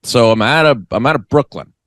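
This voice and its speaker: A man's voice: mid-range voice, a little fast, no echo. A man co-hosting a comedy podcast, telling stories in a casual chat and acting out other people's voices. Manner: animated storyteller who acts out other people's voices. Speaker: podcast co-host. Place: lives in New York.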